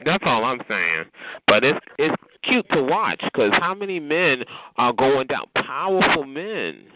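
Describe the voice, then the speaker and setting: In measured, sing-song tones, a mid-range male voice trades sassy banter on a radio call-in show. He taunts callers in a camp, foul-mouthed, mocking style, calling them child and honey, and the audio is tinny phone-line radio with faint hiss.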